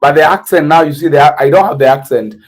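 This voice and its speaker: A man with an East African accent hosting a casual livestream, teaching words slowly and spelling them out letter by letter. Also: a little high, low-quality recording. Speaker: livestream host.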